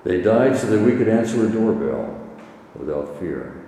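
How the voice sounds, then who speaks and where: A man preaching a sermon as pastor, earnest and measured, building his points through repeated phrases. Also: fairly low pitch, sing-song, dark tone, a little hiss or hum. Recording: echoey hall from far off.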